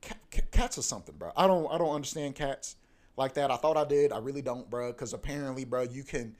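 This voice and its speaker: A man's voice: medium pitch, quick pace, darkish tone. A young man hosting a podcast in a casual, profane, ranting monologue that keeps coming back to "bro.". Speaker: podcast host.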